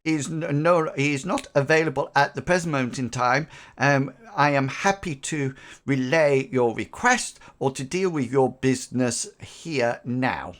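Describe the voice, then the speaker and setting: A man voicing a prim, formal woman who clerks for a merchant guild, speaking politely and haltingly with ums. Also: mid-range voice, fairly bright tone, close to an everyday voice.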